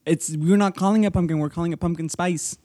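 A man's voice: a little high, steady tone, fast, dark tone, no room sound, clean studio sound. A young man co-hosting a casual podcast chat, teasing and exasperated, laughing often. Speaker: podcast co-host.

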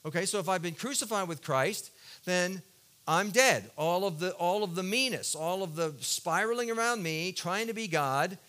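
A male pastor preaches with a bright, ringing tone, sitting a little higher than most men. He tells a personal story earnestly and confessionally, pushing into loud emphatic bursts and then dropping into soft, low stretches. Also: normal speed. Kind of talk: sermon.

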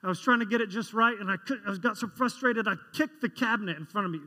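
A man's voice: high voice, fast talker, pushed and bright. A man preaching a sermon as a pastor, telling stories in a conversational way and asking the congregation questions. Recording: long reverb of a large hall.

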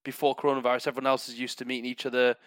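A man's voice: mid-range voice, flat delivery, racing, a bit bright, no echo. A man, chatting casually and asking follow-up questions on a podcast. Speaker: podcast host. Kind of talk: casual chat.

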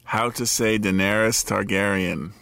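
Gravelly low-voiced man, dry banter. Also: steady tone, measured pace, fairly bright tone, dry recording. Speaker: podcast co-host. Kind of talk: casual chat.

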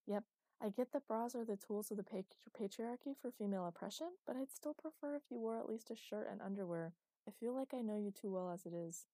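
A woman's voice: mid-range voice, brisk, dark tone, no room sound, natural voice. A woman voicing a cheerful, frank teenage girl in an audiobook, sometimes sing-song.

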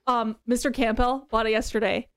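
Chatty young woman, high dry voice. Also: a little fast, clean tone, no echo. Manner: chatty, excitable, many fillers like "um" and "like". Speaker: podcast co-host. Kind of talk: casual chat about books.

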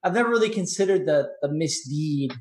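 A man's voice: fairly high pitch, expressive, fairly quick, a little mellow, slight background noise. Questioning man in an echoey room. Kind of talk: casual chat. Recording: roomy echo.

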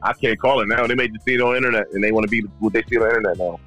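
A man's voice: fairly low pitch, rapid-fire, fairly bright tone, faint music behind. A man telling stories in a casual podcast chat, mimicking the people he quotes. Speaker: podcast guest.

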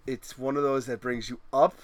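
A man in a casual chat, telling animated, profane anecdotes and acting out his own reactions. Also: mid-range voice, moderate pace, over a noisy crowd.

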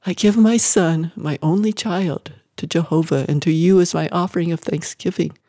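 A reader voicing a grieving, desperate mother in a dramatic audiobook, her lines pitched higher and pleading. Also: steady tone, normal speed, dark tone, no room sound, clean studio sound, close to an everyday voice. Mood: fervent. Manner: raised, pleading, higher than the narration.

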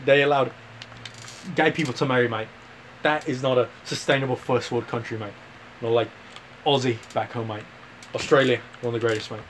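A man voicing a brash, loudmouthed Australian bloke who ends every sentence with "mate". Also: medium pitch, fairly even intonation, fairly quick, pauses often, a little hiss or hum, lightly acted. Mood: boastful. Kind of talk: mock-accent bit in casual chat.

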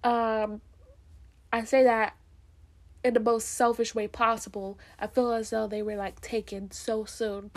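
A woman's voice: fairly high pitch, flat delivery, unhurried. A young woman from Florida talking straight to camera in a casual, heartfelt monologue, earnest and emphatic, repeating her points and laughing easily. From Florida, USA. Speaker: vlogger.

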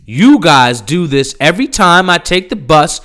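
A man voicing an angry bus passenger who lists his complaints in an indignant tone, lower than his own voice. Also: very animated, measured pace, fairly bright tone, faint music behind.

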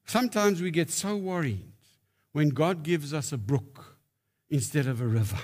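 A man's voice: fairly high pitch, lively intonation, moderate pace, darkish tone. A man preaching a sermon, telling stories with emphatic rises. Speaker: pastor.

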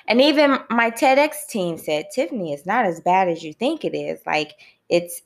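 A young woman hosting a podcast, telling a personal story candidly and expressively, calling her listeners "y'all" and breaking into loud, laughing outbursts. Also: mid-range voice, expressive, normal speed. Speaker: podcast host.

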